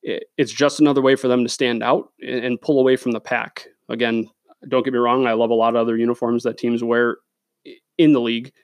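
A man's voice: mid-range voice, little pitch movement, brisk, no echo, clean studio sound. A man hosting a solo sports podcast, ranting bluntly and profanely, with lots of "uh" and "again". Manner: blunt, profane, opinionated, with many fillers. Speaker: podcast host. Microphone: studio microphone.

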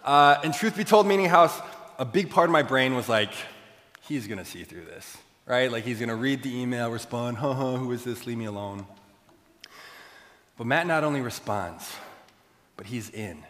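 Young guy pastor telling a goofy story from the pulpit, animated, big echoey church. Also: medium pitch, normal speed. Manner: self-deprecating, animated storytelling with quoted asides. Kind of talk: storytelling sermon. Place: large church hall. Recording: long hall reverb.

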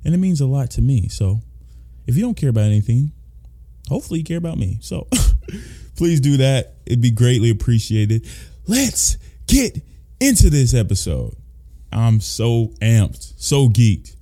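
A man's voice: medium pitch, very animated, measured pace, dark tone. A man hosting a podcast in casual chat, hyped and playful, talking with a lot of energy. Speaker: podcast host.

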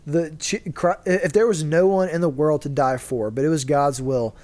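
A man's voice: on the high side, normal speed, a little mellow. A man hosting a casual faith discussion, explaining his view earnestly and answering his own rhetorical questions. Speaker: podcast host.

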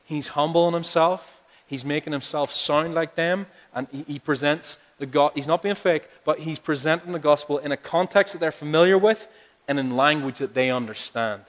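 A man's voice: a little high, moderate pace. A male pastor preaching a sermon, talking conversationally and building to emphatic appeals. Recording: long hall reverb.

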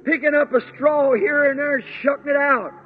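A man preaching a sermon in a fervent, drawn-out way, breaking into exclamations. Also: extremely high pitch, fairly even intonation. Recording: tinny lo-fi old sermon tape.

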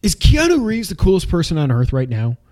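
A man's voice: a little high, huge pitch swings, a little fast, darkish tone. Joking, rambling man chatting about games. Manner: jokey, rambling, laughs at himself. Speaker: podcast co-host. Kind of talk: casual gaming chat.

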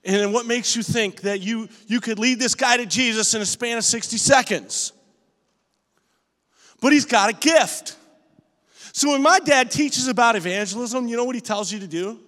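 A man pastor preaching a lively sermon in a church auditorium, telling stories with emphasis and rising to shouts. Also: very high-pitched, normal speed, long reverb tail. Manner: emphatic, storytelling, rises to shouts.

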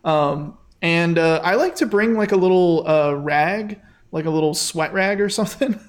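Podcast host guy, kinda high voice, lots of likes and uhs. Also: moderate pace. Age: adult, getting older. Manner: hesitant, filler-heavy. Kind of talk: casual podcast chat.

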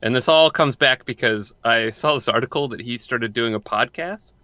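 A man's voice: mid-range voice, normal speed, pushed and bright, no echo. A young man co-hosting a podcast, chatting casually and rambling, often repeating and restarting his words. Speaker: podcast co-host.

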